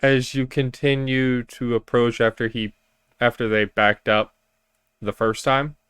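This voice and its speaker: A man's voice: mid-range voice, level tone, a little slow, a bit bright, clean tone, no echo. A man narrating a tabletop game as game master, dry and teasing.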